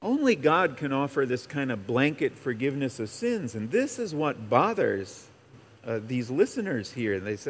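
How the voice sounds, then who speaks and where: A man's voice: mid-range voice, sing-song, moderate pace, slightly rough. Man teaching a casual sermon in a reverberant hall. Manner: casual, rambling, many fillers and restarts. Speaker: pastor or Bible teacher. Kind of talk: conversational sermon. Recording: long reverb of a large hall.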